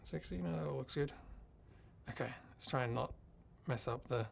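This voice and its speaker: A man's voice: mid-range voice, normal speed, vocal fry, slight background noise. A man from Australia hosting a live tech tutorial from his home streaming studio, talking casually and thinking aloud as he works his gear. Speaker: livestream host.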